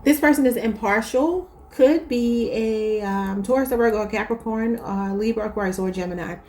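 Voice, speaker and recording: A woman's voice: fairly high pitch, moderate pace, a little mellow, a little hiss or hum. Chatty tarot-reading woman from Baltimore. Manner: chatty, addresses viewers as y'all. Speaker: tarot reader.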